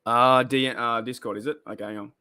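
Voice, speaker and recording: A man's voice: medium pitch, fairly even intonation, a little fast, pushed and bright, clean tone. A man hosting a casual live stream, chatting and reacting to viewer comments, often repeating himself and exclaiming. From Australia. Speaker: podcast host reading live chat.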